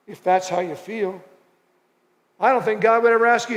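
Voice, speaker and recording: High-voiced male pastor in a reverberant hall. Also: normal speed, pauses often, a bit bright. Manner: conversational, emphatic repetition of short phrases. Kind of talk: sermon. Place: church auditorium. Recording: long reverb of a church hall.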